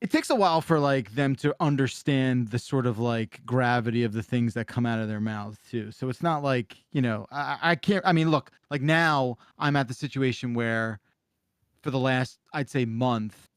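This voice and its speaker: A man's voice: mid-range voice, moderate pace, clean tone, no echo, clean studio sound. A man co-hosting a casual podcast, telling rambling stories about his son with many restarts. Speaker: podcast co-host, father.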